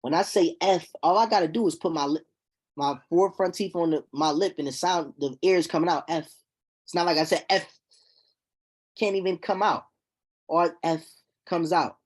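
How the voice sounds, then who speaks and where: A man teaching a recitation class, explaining terms slowly and checking on his students with repeated "okay?". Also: a little high. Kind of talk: classroom lesson.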